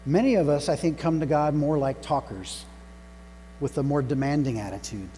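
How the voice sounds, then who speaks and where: A man's voice: on the high side, dark tone. Man preaching in a reverberant hall. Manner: deliberate, emphatic on single words. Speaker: pastor. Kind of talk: sermon. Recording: long reverb hall with faint mains hum.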